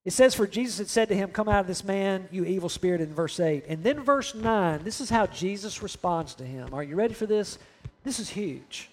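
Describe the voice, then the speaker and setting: A pastor preaches in a high, light voice. He talks to the congregation directly, checks in with them, and slips into imagined voices to make his point. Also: fairly quick. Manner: conversational, asks the congregation questions, acts out imagined voices. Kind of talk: sermon.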